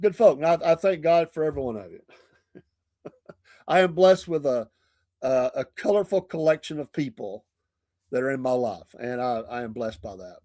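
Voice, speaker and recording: A man's voice: medium pitch, animated, moderate pace, long pauses, mellow, dry recording. Chatty Southern man with a dry close sound. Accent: Southern American. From American South. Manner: chatty, laughs often, folksy. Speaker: morning show host. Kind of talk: casual livestream chat. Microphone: streaming mic.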